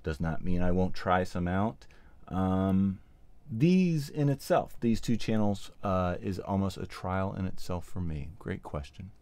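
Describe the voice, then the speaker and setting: A man's voice: low-pitched, animated, a little slow, a little mellow, no room sound. A man hosting a casual livestream, chatting and thinking aloud with many ums as he assembles gear and answers viewers. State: a little out of breath. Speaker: livestream host, sound mixer. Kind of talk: casual livestream chat while building gear.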